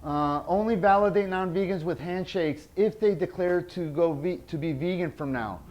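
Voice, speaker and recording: Man, workshop instructor, slightly high voice, blunt, emphatic, drives points home by repeating them. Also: normal speed, darkish tone, highs cut off. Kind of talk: teaching an outreach workshop.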